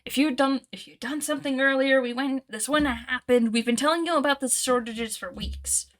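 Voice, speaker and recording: A woman's voice: high voice, a little fast, pitched above the performer's own voice, natural voice. A woman voicing a furious goblin villager who berates the guards, in a tabletop role-play. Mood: angry. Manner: berating, accusing.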